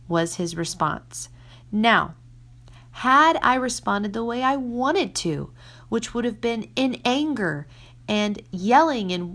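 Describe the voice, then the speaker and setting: A woman, a mother of six, giving casual faith-based advice in an earnest way, sometimes dropping to a soft whisper for emphasis. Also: a little high, expressive, unhurried. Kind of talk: casual Christian teaching talk.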